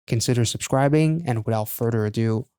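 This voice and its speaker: Man, reaction host, casual commentary, smooth clear voice, dry close mic. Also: mid-range voice, fairly quick, dark tone, no echo. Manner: chatty, exclaims over the music.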